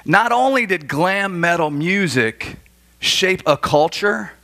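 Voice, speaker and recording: A man in his forties from Florida, preaching a sermon as a pastor and telling stories with animated, acted-out dialogue. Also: high voice, takes it slowly. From Florida, USA. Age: 40s. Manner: animated storytelling, acts out dialogue. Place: church.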